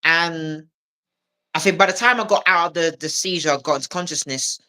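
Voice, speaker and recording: Woman comedian on a podcast, bright voice, acts out the quotes, laughs a lot. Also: low voice, moderate pace. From England. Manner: animated storyteller who acts out quoted voices and laughs often. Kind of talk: casual storytelling chat.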